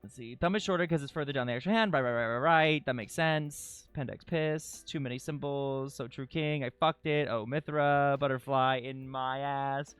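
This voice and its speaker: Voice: medium pitch, fairly even intonation, normal speed, hardly any pauses, smooth, no room sound, faint music behind. A live streamer chatting casually while drawing, dramatic and self-critical, who swears freely.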